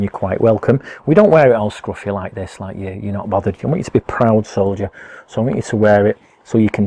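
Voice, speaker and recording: A man's voice: lowish voice, warm tone, husky. A man, explaining things to schoolchildren in a friendly, chatty way with lots of fillers. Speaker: educator presenting a school topic box.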